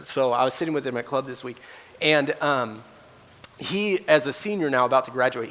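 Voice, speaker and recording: A man pastor preaching a sermon in a church sanctuary, animated and acting out quoted voices. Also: medium pitch, big-room sound.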